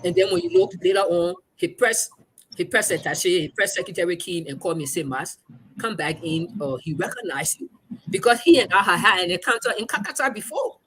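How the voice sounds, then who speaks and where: This woman journalist guest has a Liberian English accent and a fairly low, brisk voice, with a little hiss or hum in the audio. She narrates a story conversationally and animatedly, performing the quoted speech.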